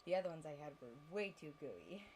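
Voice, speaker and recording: Woman, host's wife, lower pitch, relaxed giggly teasing, faint background noise. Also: fast talker. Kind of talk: casual chat.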